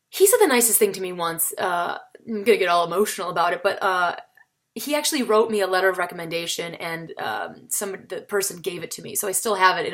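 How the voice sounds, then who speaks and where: A woman talking casually to the camera in a vlog, chatty and animated, with sudden jumps in pitch for emphasis. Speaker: vlogger, comedian and solo performer.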